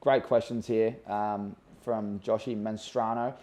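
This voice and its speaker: A man's voice: lowish voice, fairly even intonation, a little slow, warm tone. An Australian man hosting a casual interview, chatting in long rambling questions and friendly banter. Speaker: podcast host, former footballer.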